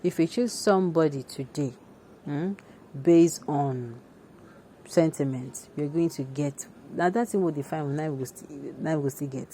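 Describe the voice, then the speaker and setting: A woman's voice: sits low, measured pace, mellow, slight background noise. A woman with a Nigerian accent hosting opinionated news commentary in an emphatic, conversational way, full of asides and restarts. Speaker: commentary host.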